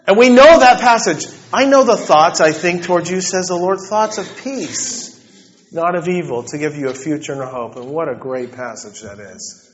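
A man preaching a sermon, dropping to soft, slow assurances and then building to fervent, rising declarations. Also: fairly high pitch, slight background noise. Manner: swings between soft, slow, intimate passages and rising, fervent ones. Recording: dull lo-fi recording.

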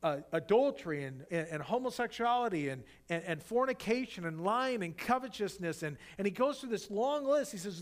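A man with a somewhat high voice preaches through a Bible passage. He reads the verses with building emphasis, often stumbling and restarting his phrases. Then he explains them in plain, conversational talk. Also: lively intonation, fairly quick, hardly any pauses. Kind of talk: sermon, Bible exposition.

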